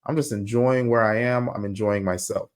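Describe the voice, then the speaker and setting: A young man hosting a podcast, talking casually and telling stories in a slangy, animated way. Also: fairly low pitch, moderate pace. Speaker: podcast host. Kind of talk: casual monologue.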